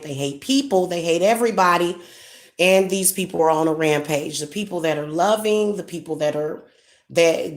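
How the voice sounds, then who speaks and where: The speaker is a woman, a spiritual reader and livestream host, whose low-pitched voice sounds reverberant. Indignant and repetitive, she preaches and scolds through a casual monologue, repeatedly stumbling and restarting.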